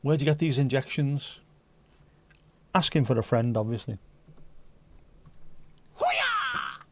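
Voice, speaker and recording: Man, livestream host, mid-pitched voice, loose banter with a cheeky edge, reads items out casually. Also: normal speed, mellow. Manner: chatty, joking banter with mild swearing; reads news excerpts aloud conversationally. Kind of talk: casual pub-style chat.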